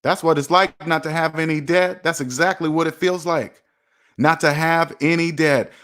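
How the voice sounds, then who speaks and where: A man's voice: a little high, fairly even intonation, moderate pace, fairly bright tone. A man hosting a personal finance channel, talking straight to viewers in a preachy, repetitive, emphatic way. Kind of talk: motivational livestream talk.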